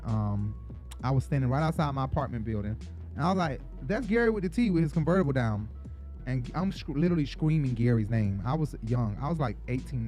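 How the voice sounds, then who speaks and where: A man from Atlanta hosting a gossip show, telling stories in a sassy, profane, animated way. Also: mid-range voice. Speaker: show host. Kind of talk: casual gossip commentary.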